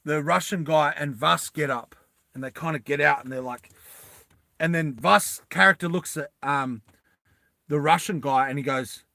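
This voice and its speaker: A man's voice: on the high side, creaky, sharp tone, no echo. A man telling an improvised story to listeners in a rambling, loose way, with lots of fillers and restarts, and jumping into the characters' lines. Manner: acts out characters' lines in quick bursts.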